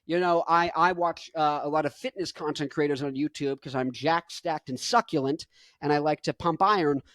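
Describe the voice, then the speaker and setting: A man's voice: fairly high pitch, normal speed, a bit bright, no room sound. Young man rambling jokily to camera. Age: 20s. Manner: jokey, rambling, self-mocking. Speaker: musician vlogger. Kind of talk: casual rant to camera.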